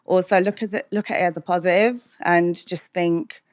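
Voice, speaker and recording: A woman's voice: on the low side, steady tone, moderate pace, no room sound, studio quality. A British woman DJ talking candidly as a podcast guest, chatty and full of "like" and "um", laughing often. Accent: British English.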